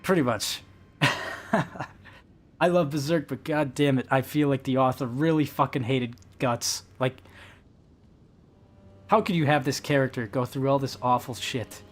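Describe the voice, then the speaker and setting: A man's voice: medium pitch, measured pace, long pauses, soft background music. A young man streaming a game live, rambling and swearing as he vents to his chat. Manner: rambling, profane, emotional venting.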